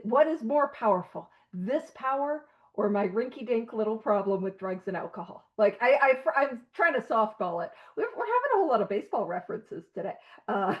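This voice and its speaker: A woman with a high voice leads a recovery study over an online call, earnest and emphatic, dropping in quick asides. The sound is dull and lo-fi, like audio from a video call. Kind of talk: conversational study talk.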